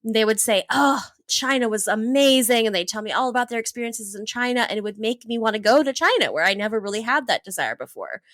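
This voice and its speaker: A woman from Hawaii, in her thirties, telling travel stories in a casual interview, lively and laughing often. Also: fairly high pitch, fast talker, hardly any pauses, no echo. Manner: animated, laughs often, acts out her own past thoughts. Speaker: travel entrepreneur guest.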